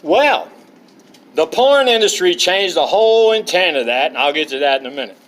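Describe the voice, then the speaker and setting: A man's voice: sits high, lively intonation, normal speed, fairly bright tone. A man telling blunt, profane personal stories in a rambling, digressive way, often losing his thread. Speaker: storyteller.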